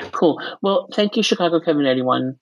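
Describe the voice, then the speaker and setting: Podcast co-host, mixed American-Australian accent, gravelly fry, dry close sound. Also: mid-range voice, dry recording, low-quality recording. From United States. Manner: rambling, joking, lots of fillers. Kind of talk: casual podcast chat.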